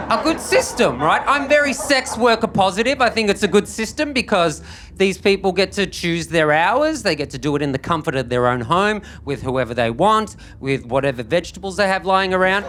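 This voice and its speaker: On a club stage before an audience, a young comic works a handheld mic in a live recording full of crowd noise. He's dry and self-mocking, with a fairly bright tone that suddenly leaps into high-pitched bursts.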